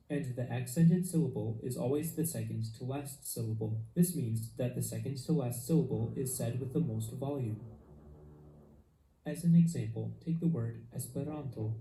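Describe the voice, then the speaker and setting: A man gives a slow, careful pronunciation lesson, modeling each sound for the learner to repeat. His voice is very dark and mellow. The recording sounds echoey, with a faint hum of noise behind it. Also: medium pitch. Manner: calm and deliberate, models each sound for repetition. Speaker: language teacher. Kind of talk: slow instructional narration.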